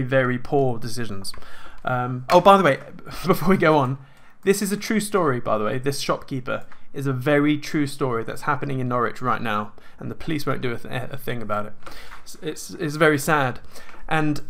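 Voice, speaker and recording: Animated man explaining. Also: medium pitch, normal speed, creaky, few pauses. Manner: animated, rhetorical questions, acts out quoted voices. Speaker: host. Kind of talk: casual explanatory monologue.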